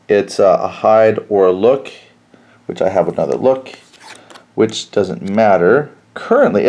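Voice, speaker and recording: A man's voice: fairly low pitch, a little mellow. A man thinking aloud as he plays through a tabletop war game alone, counting squares and reading out cards. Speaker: board game player and host. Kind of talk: solo tabletop game playthrough.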